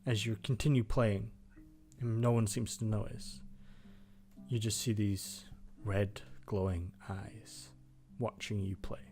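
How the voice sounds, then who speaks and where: A man's voice: fairly low pitch, level tone, takes it slowly, warm tone, soft background music. A man narrating as game master, loose and full of fillers.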